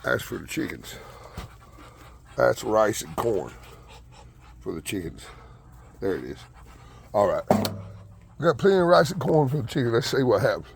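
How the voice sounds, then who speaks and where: A man with a rough, gravelly voice chats casually to his viewers while he feeds his hens in a frozen yard. His pitch swoops up and down constantly, and his drawl turns soft and coaxing when he calls to the birds. A faint hiss of noise sits under the recording. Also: big pitch swings, moderate pace, pauses often. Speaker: backyard chicken keeper. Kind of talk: casual vlog chat. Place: outdoor yard and front porch in freezing weather.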